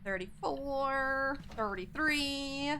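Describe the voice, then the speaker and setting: A woman's voice: high-pitched, extremely slow, slight background noise. A woman streaming a ghost-hunting game, chatting casually with a friend and thinking aloud as she plays. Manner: chatty, excitable, thinks aloud while playing. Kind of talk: casual gaming chat with a friend.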